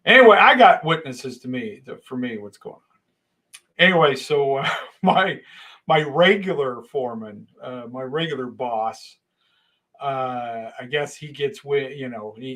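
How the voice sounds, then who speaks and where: A middle-aged man telling a long casual story, animated, with sudden loud bursts and hushed asides. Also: medium pitch.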